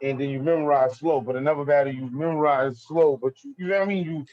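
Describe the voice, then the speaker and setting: Young Brooklyn battle rapper, relaxed street talk, somewhat high voice, dry muffled recording. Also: male voice, quick pace. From Brooklyn, New York. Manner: laid-back street slang, keeps saying "you feel me". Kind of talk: casual interview talk.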